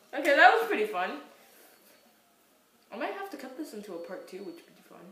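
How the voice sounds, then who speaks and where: A woman's voice: high-pitched, big pitch swings, fairly quick. A young woman playing a racing game with a friend, chatting and cheering in a giddy, playful way. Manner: giddy, playful, bursts into sing-song shouts. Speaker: gamer recording a let's play. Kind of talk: excited gaming chat. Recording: roomy echo, mic far off, faint background noise.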